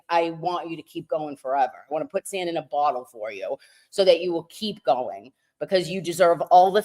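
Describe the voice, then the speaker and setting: A woman hosting a casual livestream, gushing and laughing often, calling her viewers lovies. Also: lowish voice. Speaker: livestream host. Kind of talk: casual chat.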